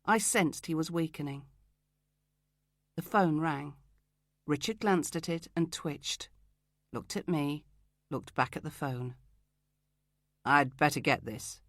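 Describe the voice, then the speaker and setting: A woman reads a first-person crime audiobook in a low, deep voice. Her delivery is steady and controlled. The recording is dry and close. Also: slow, long pauses, no echo. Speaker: audiobook narrator.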